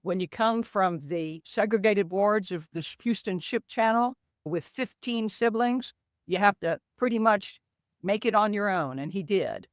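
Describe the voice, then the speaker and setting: Older woman guest, animated storyteller, dry close sound. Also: mid-range voice, a little slow, no room sound. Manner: animated storyteller, acts out quoted dialogue. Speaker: co-author guest. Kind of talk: conversational podcast interview.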